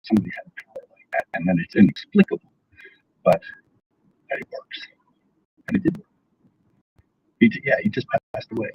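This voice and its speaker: A man telling stories in casual conversation, animated, acting out the people he quotes. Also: medium pitch, fairly quick, pauses often. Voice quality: husky. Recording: dull lo-fi sound.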